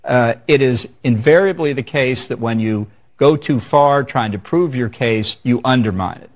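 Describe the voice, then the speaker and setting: Assertive man in a TV interview. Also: mid-range voice. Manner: measured, assertive, argumentative. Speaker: interview guest. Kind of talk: televised interview answer.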